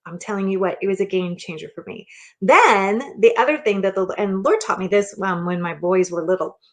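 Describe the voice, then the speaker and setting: Middle-aged lady preacher, mindset coach vibe, chatty and earnest, restarts a lot, normal pitch. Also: a little fast. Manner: earnest and conversational, with frequent restarts and "okay?" check-ins. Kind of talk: casual motivational sermon.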